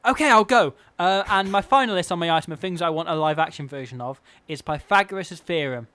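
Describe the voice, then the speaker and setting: A man's voice: on the high side, fast talker, fairly bright tone, clear, resonant tone, no room sound. A man co-hosting a comedic radio show, joking in a whimsical, absurd way. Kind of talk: comedic casual chat.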